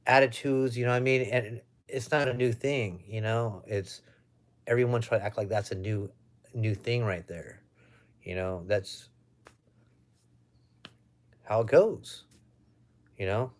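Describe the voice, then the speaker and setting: A man's voice: on the low side, steady tone, unhurried, pauses often. A young American man chatting casually on a live stream at home, reading out viewer comments in a loose, chatty way. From United States. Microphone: webcam or phone.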